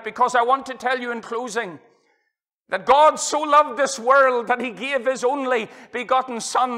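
A middle-aged man with a Northern Irish accent preaching an evangelistic sermon in a church hall. His delivery is impassioned, swinging from loud to hushed as he quotes old-fashioned scripture. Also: very high voice.

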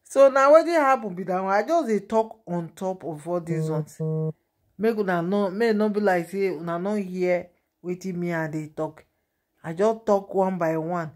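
A woman vlogger speaking Nigerian Pidgin English, chatting in a lively, gossipy way and laughing at the story. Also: fairly low pitch, moderate pace. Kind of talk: casual gossip vlog.

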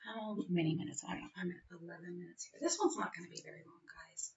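Lady in her 40s rambling on in a vlog, low gravelly voice, kinda far from a dull lo-fi mic. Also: quick pace, a little mellow. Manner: rambling, self-interrupting, with many fillers. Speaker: vlogger. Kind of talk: casual personal talk.

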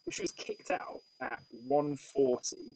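A man hosting a solo detective board game play-through, reading the case aloud and thinking out loud with stammering restarts. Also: fairly high pitch, huge pitch swings, a little slow, vocal fry, slight background noise, rough recording.

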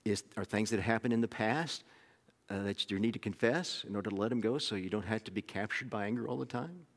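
A middle-aged man with an Oklahoma accent, preaching a sermon in a relaxed, conversational storytelling way that often restarts its phrases. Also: lowish voice, a little fast. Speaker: pastor. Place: church sanctuary. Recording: long sanctuary reverb.

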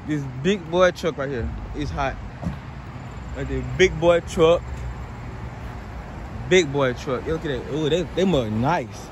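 A young man with a Southern US accent, chatting loosely and excitedly as he walks viewers around cars outdoors on a hot day, filmed on a handheld phone. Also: fairly high pitch, a little slow, long pauses, noisy background. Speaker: car vlogger. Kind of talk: casual walkaround car vlog.

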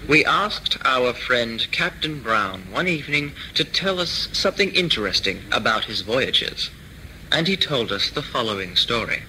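A man reading a scripted language lesson, slowly and carefully. His voice is bright and his pitch moves a lot. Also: big pitch swings, slight background noise, low-quality recording. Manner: slow, careful, clear. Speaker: lesson reader.

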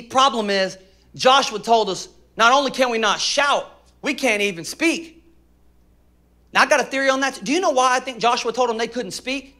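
A male pastor preaching a sermon to a live congregation, telling stories, acting out voices and firing questions at the room. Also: sits high. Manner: animated storytelling, acts out voices, asks congregation questions. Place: church auditorium with a live congregation.

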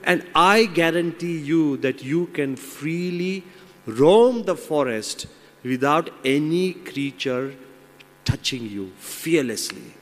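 A man's voice: on the high side, animated, slow. Brief: a sly fable lion, murmuring temptations, as a male storyteller puts him on, hall reverb behind. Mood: coaxing. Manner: coaxing, persuasive. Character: tempting lion, king of the jungle.

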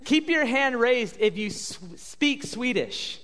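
A pastor on a church stage interviewing guests in an upbeat, joking way, halting with fillers. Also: male voice, very high-pitched, lively intonation, a bit bright. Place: church sanctuary. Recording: long hall reverb.

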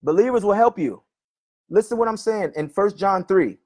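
A male preacher arguing with a commenter online, often calling him brother and reading scripture slowly and repeatedly. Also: high voice, expressive, darkish tone. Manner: argumentative, keeps addressing "brother", reads verses slowly and repeats them.

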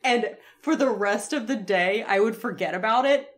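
A woman's voice: medium pitch, normal speed. A woman co-hosting a podcast, chatting casually about a TV episode and laughing easily. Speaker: podcast co-host. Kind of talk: casual chat recapping a TV episode.

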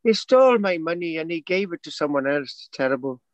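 A man's voice: a little high, expressive, fairly quick, no echo, highs cut off, voice pushed down, lightly acted. A man putting on a to play a genial older male broadcaster telling a tall tale. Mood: whimsical.

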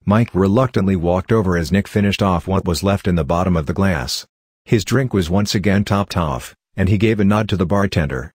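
A man reading a scripted horror story in a measured, even way. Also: low-pitched, husky, dry recording, studio quality. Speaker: narrator.

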